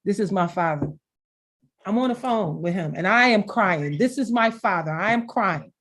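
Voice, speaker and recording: A middle-aged woman on a video call, telling heartfelt stories in an expressive way and laughing now and then as she talks. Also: medium pitch, normal speed. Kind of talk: heartfelt conversational storytelling.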